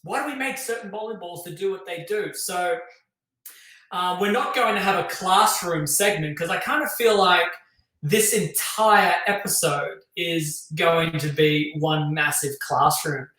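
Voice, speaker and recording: A man's voice: sits high, measured pace, sharp tone, far from the mic. An Australian man hosting a casual talk show, chatty and loose with lots of fillers. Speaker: show host. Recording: echoey room.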